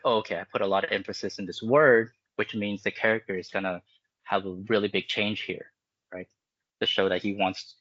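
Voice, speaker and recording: A man's voice: lowish voice, fairly bright tone, no echo, muffled recording. A man, a game animator, talking casually in an interview, explaining his process with many fillers and restarts. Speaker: animator guest.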